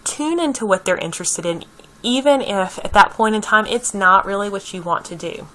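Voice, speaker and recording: A woman's voice: medium pitch, moderate pace, a bit bright, low-quality recording. A woman giving a conversational lecture on early childhood, repeating key points and checking in with her listeners.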